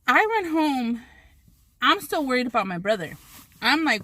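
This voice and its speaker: A woman's voice: fairly high pitch, very animated, moderate pace, pushed and bright, dry recording. A woman vlogger telling a story while eating on camera, rambling with many restarts and swearing freely.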